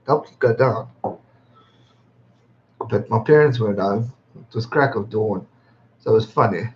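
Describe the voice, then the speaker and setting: A man's voice: lowish voice, a little slow. A man in his twenties from England, hosting his birthday livestream, chatting casually, reading out viewer comments, laughing often and swearing freely. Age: 20s. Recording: slightly dull lo-fi stream audio.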